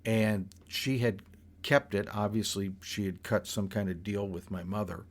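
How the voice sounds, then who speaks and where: Older man, low-pitched, casual storyteller who rambles and restarts mid-sentence. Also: steady tone, a little slow. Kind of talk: personal storytelling.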